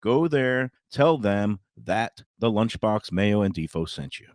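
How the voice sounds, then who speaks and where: A man's voice: fairly low pitch, expressive, unhurried, a little mellow, no room sound, studio quality. A man reading upbeat restaurant advertisements on a talk show. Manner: upbeat, promotional. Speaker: radio show ad reader. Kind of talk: read-out restaurant ads.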